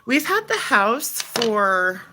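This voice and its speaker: A woman's voice: on the high side, very animated, slow pace, noisy background. A young adult woman hosting a casual livestream chat from home, rambling and swearing with frequent laughs. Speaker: livestream host.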